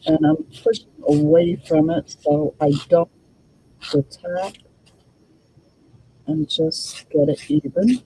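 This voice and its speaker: A woman's voice: low voice, slow, pauses often, mellow, husky, poor audio. A woman hosting a casual crafting demo, thinking aloud and chatting to her viewers while she works. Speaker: crafting channel host.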